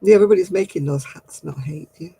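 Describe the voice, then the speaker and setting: A woman's voice: deep voice, fast talker, mellow, husky, low-quality recording. A woman, chatting casually with viewers on a craft livestream, laughing often and dropping homely exclamations. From northern England.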